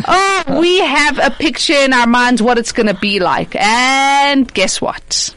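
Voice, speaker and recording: A woman discussing marriage through religious teaching, expressive and acting out imagined voices. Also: sits high, slow pace, rough recording.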